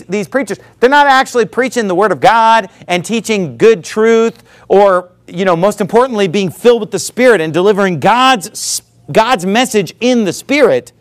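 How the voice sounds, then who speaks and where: A man preaching a sermon, talking in an animated way and sometimes mocking other preachers. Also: sits high. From not from the American South.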